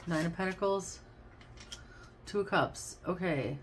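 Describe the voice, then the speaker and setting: Low-voiced woman reading tarot cards. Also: unhurried, a little hiss or hum. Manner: chatty and effusive, addresses listeners as babes and y'all. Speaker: tarot card reader.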